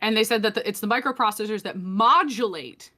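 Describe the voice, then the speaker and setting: Bright-voiced sarcastic woman co-host. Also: medium pitch, a little fast. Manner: sarcastic, swearing, laughing mid-sentence. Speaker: podcast co-host. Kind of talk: casual comedic chat.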